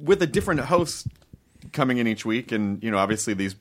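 A man's voice: medium pitch, lively intonation, fairly quick. Man asking rambling interview questions. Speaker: podcast host. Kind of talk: casual interview chat.

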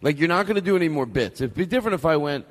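A man hosting a comedy podcast, rambling excitedly and cracking himself up. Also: fairly high pitch, rapid-fire, dry recording. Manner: rambling, animated, breaks into laughter. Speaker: podcast host. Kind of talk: casual comedy chat.

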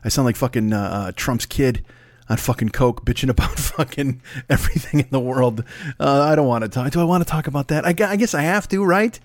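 A man hosting his own podcast in a rambling, profane, self-mocking comic monologue, often talking fast. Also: medium pitch, no echo, studio quality. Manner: talks fast, then slows down. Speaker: podcast host.

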